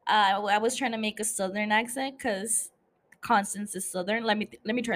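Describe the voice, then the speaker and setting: A woman's voice: medium pitch, a little slow, pauses often, a bit bright. A young woman hosting a podcast, casually recapping a TV episode, chatty and teasing, swearing freely and laughing at her own asides. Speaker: podcast host.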